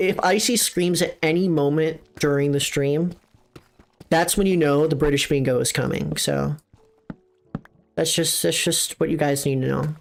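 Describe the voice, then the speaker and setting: Excitable young woman streamer, lowish voice. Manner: excitable, swears, breaks into high squeals. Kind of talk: casual live-stream gaming commentary.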